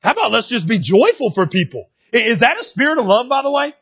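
Folksy male pastor, high husky voice, preaches emphatically, heard on a dull lo-fi stream. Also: big pitch swings, quick pace, fairly bright tone. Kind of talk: sermon.

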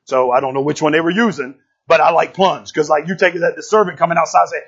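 A man preaching in a church, driving his sermon with call-and-response and a steady "right?" to the room. His voice sits high and husky. The recording sounds a little dull and muffled. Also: fast, hardly any pauses. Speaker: pastor. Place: church sanctuary.

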